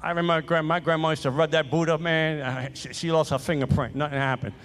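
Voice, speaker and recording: Male preacher, slightly high pitch, emphatic and repetitive, faint ambience behind. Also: steady tone, fast talker, a little hiss or hum. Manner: emphatic, repeats phrases, swings between loud exhortation and quiet storytelling. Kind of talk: sermon with personal stories.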